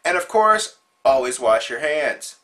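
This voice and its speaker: A man's voice: medium pitch, very animated, measured pace, bright, forceful tone. A man hosting his own show, telling a funny story in a chatty, amused way. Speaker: show host. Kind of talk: casual storytelling monologue.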